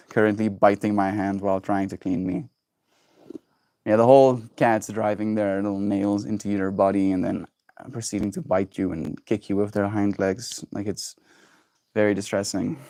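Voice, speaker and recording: A man hosting a daily livestream. He rambles casually and playfully, and slips into high baby talk with his pets. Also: darkish tone, dry recording, studio quality.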